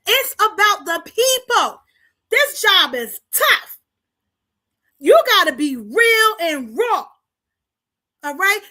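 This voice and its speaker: A woman's voice: extremely high pitch, sharp tone. A woman from Paterson, New Jersey, hosting her own show and giving an impassioned community address, repeating lines for emphasis and calling on viewers to respond. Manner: preachy call-and-response, rallying the audience. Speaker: host of a community talk show.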